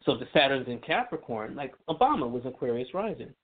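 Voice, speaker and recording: A man's voice: medium pitch, very animated, fast. A man explaining astrology in casual radio talk, chatty, with many fillers and restarts. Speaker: astrology guest. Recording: tinny phone line.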